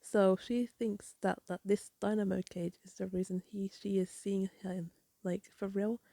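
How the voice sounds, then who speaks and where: Gravelly-voiced woman reviewing a comic. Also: medium pitch, little pitch movement, measured pace, warm tone, dry recording. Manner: rambling, apologetic. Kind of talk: casual chat.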